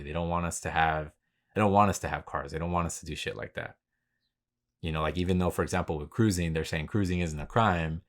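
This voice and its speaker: A man hosting his own podcast, talking in a laid-back, rambling way with lots of slang and swearing. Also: low voice. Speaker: podcast host. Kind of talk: casual solo podcast monologue.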